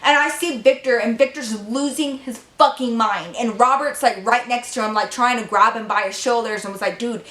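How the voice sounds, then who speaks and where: A woman's voice: fairly high pitch, moderate pace, few pauses. Profane, chatty young woman storyteller. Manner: profane, animated, talks to viewers directly. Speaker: vlogger. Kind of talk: storytime vlog. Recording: echoey room.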